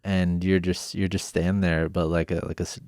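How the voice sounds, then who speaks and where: A man's voice: low voice, flat delivery, a little fast, a little mellow, no echo, studio quality. A man hosting an interview, reflecting back on the guest's story in a hesitant, thinking-aloud way. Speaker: podcast host. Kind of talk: conversational interview.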